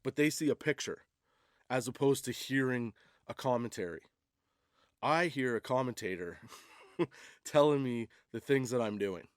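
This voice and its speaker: A man's voice: mid-range voice, normal speed, pauses often, no echo, studio quality. A man hosting a comedy podcast, rambling through a casual monologue with laughs and restarts. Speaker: podcast host.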